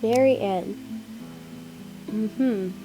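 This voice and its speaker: A woman's voice: a little high, drawn-out words, music in the background, rough recording. A woman playing a story game, reading its text aloud with casual asides. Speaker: gaming channel host. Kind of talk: narrated game let's play.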